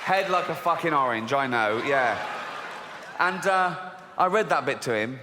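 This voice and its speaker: A man's voice: on the high side, expressive, measured pace, long pauses, noisy background. A middle-aged man doing a sardonic, swearing stand-up routine full of incredulous outbursts. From England. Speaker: stand-up comedian. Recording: live show in a big echoey hall with crowd.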